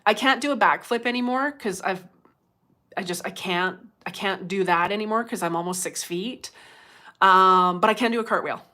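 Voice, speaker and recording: A woman's voice: medium pitch, normal speed, pushed and bright. A middle-aged woman chatting casually on a livestream, laughing often and reading out viewer comments. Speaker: livestream host.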